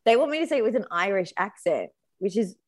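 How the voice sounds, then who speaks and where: A woman's voice: medium pitch, big pitch swings, fast talker. Teasing woman guest on a comedy podcast. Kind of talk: casual comedic chat.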